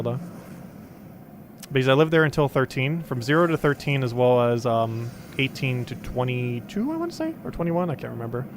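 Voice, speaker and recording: A young man with a New Jersey accent chats casually to himself while streaming a game. His voice sits at a middle pitch. A faint noise hums under the recording. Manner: casual, self-chatting. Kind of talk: live gameplay commentary.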